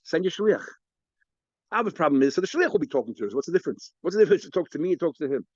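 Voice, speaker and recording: A man's voice: sing-song, a little mellow, slightly rough, no echo. A rabbi rattles through a Talmud class at great speed, circling back over his own words as he explains. The recording sounds muffled and lo-fi, with a dry, close room. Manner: rapid, stop-start explaining with many repeated words and restarts; acts out the sages' exchanges with a raised, mocking pitch. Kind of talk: informal Talmud lesson. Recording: dull, lo-fi lecture recording.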